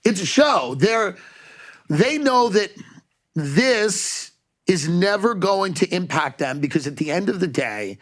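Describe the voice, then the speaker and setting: High-voiced man ranting sarcastically. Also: sing-song, takes it slowly. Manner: rambling, sarcastic, puts on voices for bits. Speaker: comedian guest. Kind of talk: comedic rant on a podcast.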